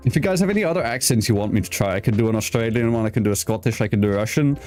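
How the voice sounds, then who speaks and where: Lively, playful young man from South Africa. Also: lowish voice, racing, faint music behind. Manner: playful, joking, stumbles over words. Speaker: podcast host. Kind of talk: casual interview chat.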